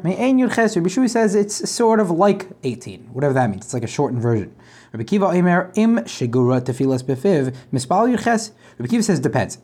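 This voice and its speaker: Quick, chatty male Talmud teacher who translates and explains each line as he goes. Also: mid-range voice, darkish tone. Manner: translates line by line, restarts phrases, conversational asides. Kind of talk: casual Talmud class.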